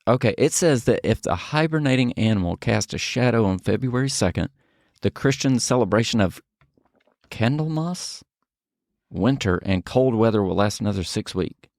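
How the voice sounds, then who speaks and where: A man's voice: fairly low pitch, expressive, moderate pace, darkish tone, no room sound, studio quality. A man co-hosting a podcast in casual chat, reading notes aloud and stumbling and laughing over the words. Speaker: podcast co-host.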